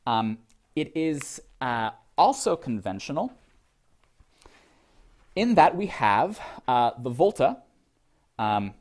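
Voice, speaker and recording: A man's voice: mid-range voice, big pitch swings, takes it slowly, long pauses, a little mellow. Man lecturing, musing and digressive. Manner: digressive, thinking aloud with fillers and restarts. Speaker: literature lecturer. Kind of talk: college lecture with poetry reading. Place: classroom.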